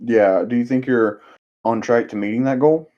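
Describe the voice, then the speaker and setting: A man's voice: mid-range voice, steady tone, normal speed, dark tone, muffled recording. A man hosting a casual podcast, asking guests questions and laughing often. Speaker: podcast host. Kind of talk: casual chat.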